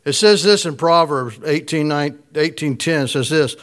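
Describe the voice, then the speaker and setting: A man's voice: fairly high pitch, unhurried, hardly any pauses, a bit bright. A man preaching a casual, conversational sermon, chuckling often and putting questions to his listeners. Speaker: pastor.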